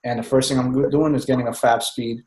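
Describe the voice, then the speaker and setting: A man talking in casual chat on a group call, excited and rambling, who keeps saying "man.". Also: medium pitch, fast, roomy sound, poor audio. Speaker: team member speaking on a group call.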